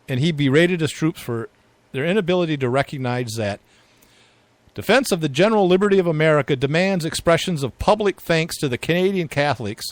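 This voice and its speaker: A man's voice: a little high, animated, brisk, no room sound. A man co-hosting a casual political chat show, rambling with fillers and frequent asides. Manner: rambling, chuckling, filler-heavy. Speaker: podcast co-host.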